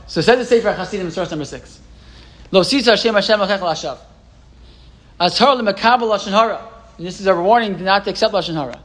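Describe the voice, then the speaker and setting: A man with a high, light voice teaches a Torah class to a live group. He keeps it conversational and asks the room questions. He also reads passages from old texts aloud and then translates them. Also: fairly bright tone, low-quality recording.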